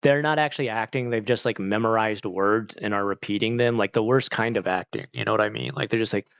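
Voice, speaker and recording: A man's voice: lowish voice, fast, vocal fry, fairly bright tone, no echo, highs cut off. A man streaming and chatting casually with viewers, rambling, saying "like" a lot and laughing often. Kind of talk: casual chat.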